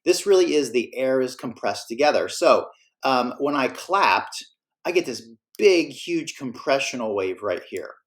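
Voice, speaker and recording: A man's voice: medium pitch, expressive, a little slow. A man teaching a class, explaining in a casual, self-correcting way. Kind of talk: classroom lecture.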